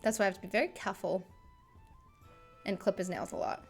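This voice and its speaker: A woman's voice: medium pitch, a little fast, gravelly, breathy edge, soft background music. A woman in her thirties chatting casually and fondly on a home livestream, bubbly and talkative. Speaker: streamer.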